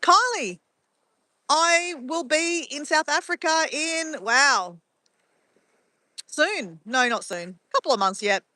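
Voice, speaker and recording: A woman's voice: high voice, animated, takes it slowly, long pauses, sharp tone, no room sound. Chatty woman live-streaming outdoors. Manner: chatty, greets viewers by name and reads chat aloud. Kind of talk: casual live-stream chat. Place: outdoors at sunrise, walking.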